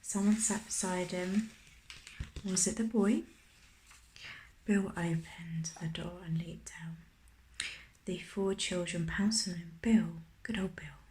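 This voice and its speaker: Hushed woman reading in a roomy echo. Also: on the low side, fairly even intonation, slow pace, pauses often, slight background noise. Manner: whispered, hushed, gentle. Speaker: ASMR storyteller. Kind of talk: soft-spoken ASMR reading.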